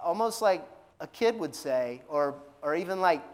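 A man's voice: on the high side, lively intonation, moderate pace. A male pastor preaching a sermon in a conversational way, asking many questions and often repeating words. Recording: long reverb of a large hall.

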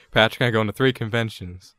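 A man's voice: lowish voice, fairly quick, sharp tone, no echo, clean studio sound. A young man hosting a casual gaming podcast, laughing often and swearing in loose banter with friends. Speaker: podcast host.

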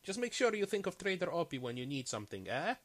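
A man's voice: medium pitch, animated, moderate pace, a crowd in the background, close to an everyday voice. A man voicing a shifty male trader who talks in broken English, haggling and repeating his words. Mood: eager.

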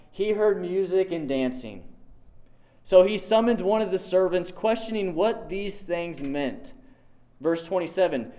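A man's voice: a little high, a little mellow. A man preaching a sermon, emphatic and conversational, repeating key lines for weight. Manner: conversational, dotted with "like".

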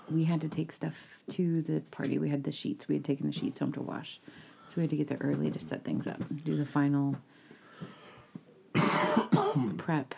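A middle-aged woman co-hosting a podcast, chatting casually in a relaxed, teasing way. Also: deep voice, gravelly, a little hiss or hum. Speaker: podcast co-host. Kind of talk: casual chat.

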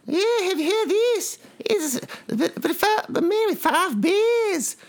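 A man's voice: very high-pitched, animated, a little slow, creaky, fairly bright tone, voice pushed up, heavily acted. A man doing an impression of a late-night talk show host, stammering and laughing over a funny headline. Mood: giggly. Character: giggly middle-aged male late-night talk host.

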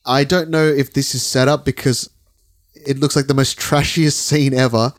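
A man's voice: mid-range voice, fairly even intonation, normal speed. A man co-hosting a casual podcast, rambling as he describes a video and swearing freely. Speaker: podcast co-host.

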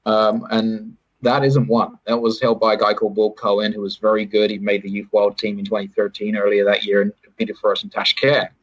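Husky British man, dull lo-fi audio. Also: lowish voice, level tone, fairly quick, hardly any pauses. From Britain. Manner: rambling, self-correcting, with wry asides. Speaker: sports federation chief executive, podcast guest. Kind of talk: casual interview talk.

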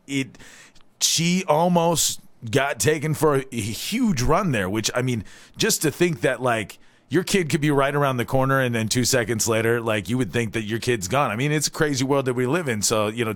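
A man in his forties from Hawaii hosts a live community radio show. He talks in a loose, rambling way, full of "all right?" asides and restarts, at an everyday pitch. His voice is close and dry, as if from a studio mic. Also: a bit bright, dry recording.

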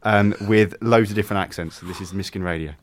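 Casual English radio host, low voice, rambling and chatty. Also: male voice, steady tone, quick pace, faint music behind. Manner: chatty, with many fillers and restarts.

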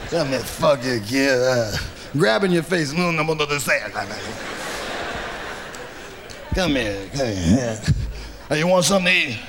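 Brief: man putting on a booming jolly mob boss, gravelly, pitch jumps all over. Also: animated, moderate pace, noisy background, natural voice. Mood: gruff fond. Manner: boisterous, gruff, shouting, laughing at the kid. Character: loud jovial middle-aged male mobster boss.

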